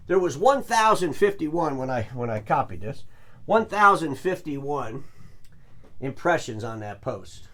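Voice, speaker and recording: Man, middle-aged, show host, opinionated solo commentary, lively intonation, slightly high voice. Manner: animated, opinionated, rhetorical questions. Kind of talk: solo commentary on industry business.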